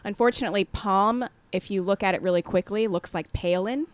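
A woman's voice: mid-range voice, brisk, dry recording. A woman who grew up in Jamaica, chatting casually and self-deprecatingly as a guest, laughing easily. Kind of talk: casual chat.

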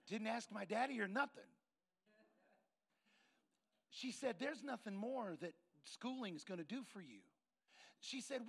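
A man preaches through a personal story. His voice sits high and carries a gravelly edge. He leans into the quoted lines and voices each person in turn. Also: measured pace, long pauses. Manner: animated storyteller acting out dialogue. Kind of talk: sermon storytelling.

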